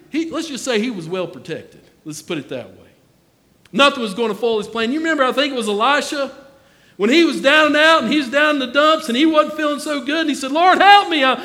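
High-voiced folksy preacher in a hall. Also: male voice, bright, forceful tone. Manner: folksy, addresses congregation members by name. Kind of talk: sermon.

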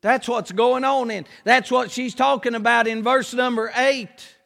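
A man preaching a folksy, emphatic sermon that rises to shouts. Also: extremely high pitch, steady tone, measured pace, creaky, in a large hall.

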